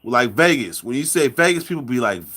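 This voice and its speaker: Bright-voiced man telling loose stories. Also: medium pitch, lively intonation, slight background noise. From California. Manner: loose storytelling, drawn-out words, repeats himself. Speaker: podcast host. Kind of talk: casual chat.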